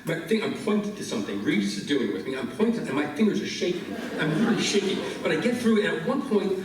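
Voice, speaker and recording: A man, a chef, telling a lively anecdote on stage at a live interview, with laughs and restarts. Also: high voice, fast, a crowd in the background. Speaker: chef and guest. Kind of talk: storytelling on stage. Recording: very echoey hall, from far off.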